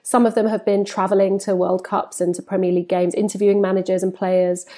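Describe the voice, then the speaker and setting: A woman in her forties, a football presenter, telling stories in an animated way in a podcast interview and acting out the dialogue she quotes. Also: mid-range voice, fast. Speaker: football presenter and reporter, guest.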